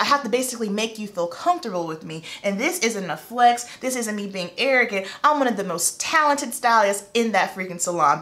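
A woman's voice: mid-range voice, a bit bright. A hairstylist woman in a casual vlog chat, talking in an earnest, emphatic and heartfelt way.

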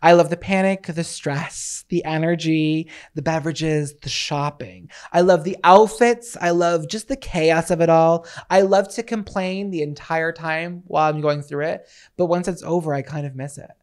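A man's voice: fairly high pitch, fairly even intonation, normal speed, clean tone. A young man co-hosting a podcast in casual chat, playful and giggly, rambling along with lots of fillers. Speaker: podcast co-host.

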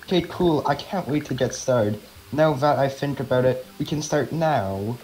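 Brief: man doing a keen young kid, mid-pitched and everyday, game dub. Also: lively intonation, moderate pace, darkish tone, slight background noise, natural voice, poor audio. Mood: eager.

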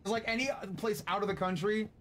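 High-voiced, profane male streamer. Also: steady tone, fast talker, a bit bright, slight background noise. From US West Coast. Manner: profane, rambling, chatting with viewers. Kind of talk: casual gaming stream chat.

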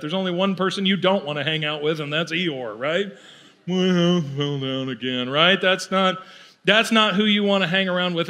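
A man's voice: high-pitched, bright, forceful tone. A male pastor giving a conversational, playful sermon in a church, often acting out the voices of the people he describes. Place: church auditorium.

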